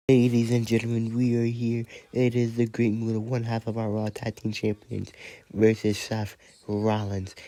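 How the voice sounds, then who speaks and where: A man who is sick and speaking low, giving play-by-play wrestling commentary and counting out the pins. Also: dark tone, no echo. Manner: counts pins aloud and announces winners.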